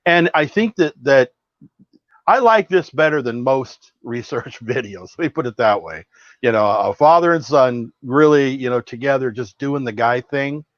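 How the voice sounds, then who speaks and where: A man's voice: medium pitch, animated, normal speed, no room sound. A man co-hosting a podcast, talking in a rambling, hesitant way with many restarts. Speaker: podcast co-host. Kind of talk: casual podcast chat. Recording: dry, dull lo-fi audio.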